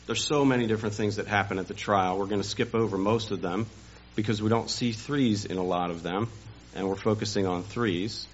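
A man preaching a Sunday sermon, telling a story dramatically and building to loud emphasis, on a dull, lo-fi recording. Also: lowish voice, fairly even intonation, fairly quick, a little hiss or hum. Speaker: pastor.

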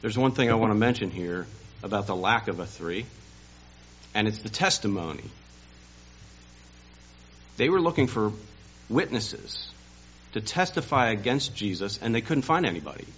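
A man preaching a Sunday sermon, telling a story dramatically and building to loud emphasis, on a dull, lo-fi recording. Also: fairly low pitch, animated, normal speed, long pauses, slightly rough. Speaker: pastor.

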